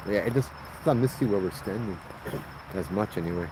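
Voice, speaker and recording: Speaking quickly in a lowish voice, a ghost story host from Hawaii chats in Hawaiian Pidgin on a casual storytelling livestream. He sits outside at night near a road, laughing and using slang, with background noise audible.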